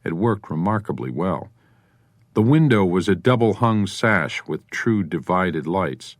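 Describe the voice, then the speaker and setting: Low-voiced male audiobook narrator. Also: expressive, unhurried, no echo, studio quality. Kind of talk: scripted narration.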